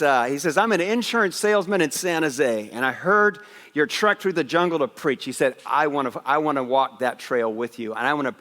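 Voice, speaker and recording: A man preaching in a church, his fairly high voice ringing with long reverb through the sanctuary. He tells stories with lively energy and often repeats a word as he finds the next thought. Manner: energetic storytelling, repeats words as he goes, acts out quotes. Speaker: pastor. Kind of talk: Christmas Eve sermon with stories. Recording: long hall reverb in a worship house.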